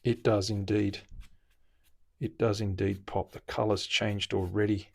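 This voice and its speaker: Aussie guitar builder bloke, raspy husky voice, just chatting while he works in the shop. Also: on the low side, unhurried. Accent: Australian. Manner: relaxed, chatty, explains while working. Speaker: luthier host. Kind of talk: casual live-stream demonstration.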